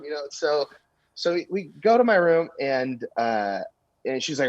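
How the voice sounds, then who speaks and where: A man's voice: on the high side, measured pace, no room sound, lo-fi sound. A young adult man, a comedian, telling a crude story on a podcast with lots of fillers and asides. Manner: animated, crude anecdote telling with many fillers. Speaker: comedian guest.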